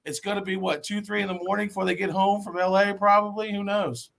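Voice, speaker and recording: A man from the Cincinnati area telling a story excitedly on a live video chat, dropping "man" often. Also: high-pitched, fast talker, creaky, over a noisy crowd. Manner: animated storytelling, says man a lot.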